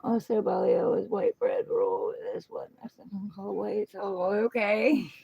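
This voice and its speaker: A woman's voice: medium pitch, unhurried, creaky, muffled recording. A middle-aged woman hosting a casual livestream at home on her phone, chatting loosely and cooing fondly to her pet. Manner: relaxed, chatty, coos affectionately to her pet. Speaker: tarot reader livestream host.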